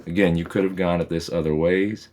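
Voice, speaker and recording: A man's voice: deep voice, steady tone, fairly quick, a little mellow. A man, a physics teacher, patiently and methodically walks through homework problems in a recorded lesson, with reassuring asides.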